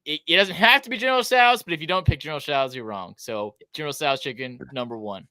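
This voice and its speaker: A man's voice: fairly high pitch, fast, sharp tone, smooth, no echo, clean studio sound. A man co-hosting a podcast, chatting casually and giving emphatic, playfully opinionated takes. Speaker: podcast co-host. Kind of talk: casual chat.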